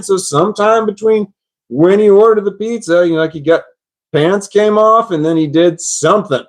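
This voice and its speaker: A man recounts a story in loose, casual talk with a high-pitched voice. He rambles and circles back over his own words, dropping swear words along the way. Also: fairly quick. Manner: rambling, repeats himself, swears. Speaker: vlogger.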